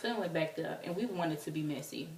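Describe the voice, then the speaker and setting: A young woman telling a story to camera in a casual, animated way, acting out quotes in squealing voices. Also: sits low, fast talker, far from the mic. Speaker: vlogger. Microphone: camera mic from a distance. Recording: roomy, off-mic, faint hiss.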